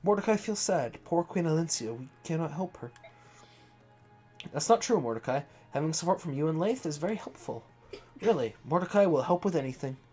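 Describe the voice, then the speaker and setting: A man voicing a gentle, hulking tiger warrior in a video game who speaks of himself in the third person. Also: fairly high pitch, lively intonation, brisk, soft background music, natural voice.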